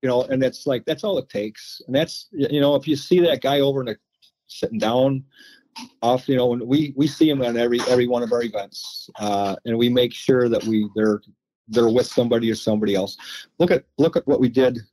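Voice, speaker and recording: A man with a husky voice chats casually as a guest. He stops and restarts often, and he sounds dry and close, with no room sound. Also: medium pitch, fairly quick, warm tone, no room sound. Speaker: veteran guest. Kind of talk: casual interview chat.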